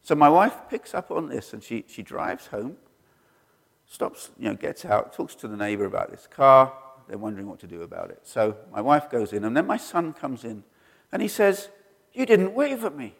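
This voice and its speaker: A middle-aged man preaching a sermon, telling stories and acting out the quoted voices with sudden leaps in pitch. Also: moderate pace, creaky. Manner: animated, acts out quoted voices with jumps in pitch. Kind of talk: sermon storytelling. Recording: long hall reverb.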